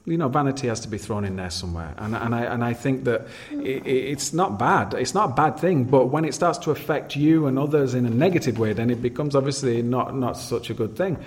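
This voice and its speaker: A man's voice: mid-range voice, a little fast, hardly any pauses, a little mellow. A man hosting a casual chat who muses at length, often stopping and repeating his words. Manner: hesitant, repeats words, musing. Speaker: host.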